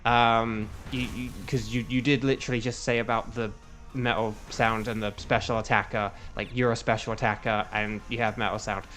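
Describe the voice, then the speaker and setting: A man's voice: fairly low pitch, little pitch movement, moderate pace, fairly bright tone, soft background music. A young man streaming a game, chatting through strategy with frequent fillers and groan-worthy puns. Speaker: streamer and voice actor. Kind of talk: casual gameplay commentary with chat.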